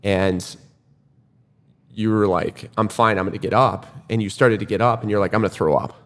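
A man's voice: lowish voice, normal speed. A man casually retelling a race to a friend, acting out what people said. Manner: animated retelling, acts out quoted lines. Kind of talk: casual storytelling chat. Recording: room with long reverb.

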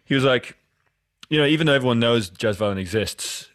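Fairly quick and lively in a mid-range, slightly bright voice, a man from Scotland hosts a casual podcast interview, meandering and often starting his sentences over. The recording is dry, with clean studio sound.

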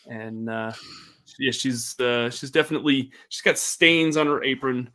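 Man, game master, middle pitch, rambling narration, lots of fillers. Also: measured pace, sharp tone. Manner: rambling, many fillers and restarts.

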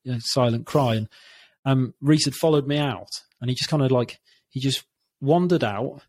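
As an interview guest, a man speaks candidly, openly and reflectively, halting often to restart his sentences. His voice is medium in pitch with a darkish tone, and there is slight background noise.

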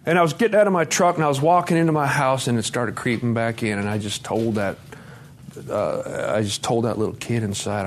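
A man's voice: medium pitch, brisk, a little hiss or hum. Candid man telling his recovery story. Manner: candid, swings between hushed and loud, laughing. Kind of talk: personal testimony talk at a conference. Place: conference hall.

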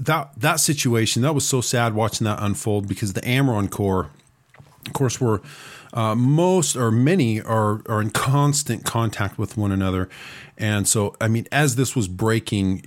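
Man hosting talk radio with a cold. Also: on the low side. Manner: sarcastic asides, frequent "uh" fillers. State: recovering from a cold, talking with a lozenge in his mouth. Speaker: radio show host. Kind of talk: talk radio news commentary.

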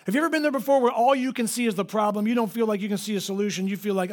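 A man's voice: high voice, racing, few pauses. A male pastor preaching a sermon in a church, telling stories with animation and acting out the voices he quotes.

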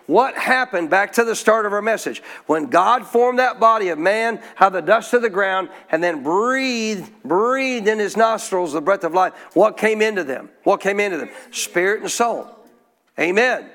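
A man's voice: high-pitched, animated, moderate pace, a bit bright. A man preaching a sermon in a church, putting questions to the congregation and drawing answers back in call-and-response. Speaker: pastor.

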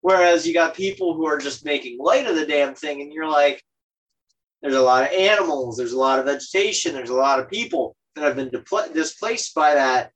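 A podcast co-host in casual chat, blunt and profane, with short agreeing replies between longer takes. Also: female voice, deep voice, brisk, rough recording.

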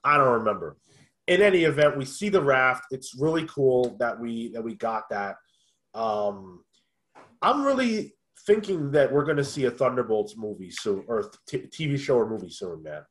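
A man's voice: medium pitch, sing-song, moderate pace. Man musing over a show. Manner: thoughtful, with frequent ums and restarts. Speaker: podcast co-host. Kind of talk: casual review chat.

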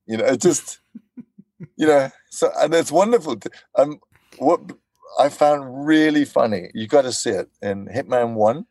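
A man being interviewed as a voice actor, telling animated stories and acting out quotes. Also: mid-range voice, measured pace, no room sound. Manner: animated storyteller, acts out quotes. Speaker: voice actor guest. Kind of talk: casual interview chat.

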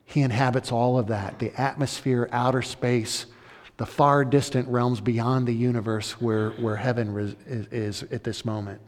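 A man's voice: medium pitch, fairly even intonation, normal speed. A man preaching a sermon in an earnest, conversational way, often restarting his phrases. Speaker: pastor. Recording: long hall reverb.

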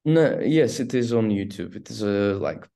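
Low-voiced man with a Turkish accent. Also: gravelly. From Turkey. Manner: halting, restarts often, animated storytelling. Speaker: actor guest. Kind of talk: casual interview storytelling.

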